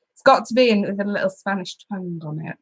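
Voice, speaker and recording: A woman hosts a live tarot stream and chats easily with her viewers. She giggles often and greets people by name in a loose, casual way. Her voice sits at an ordinary pitch for a woman. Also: slightly rough.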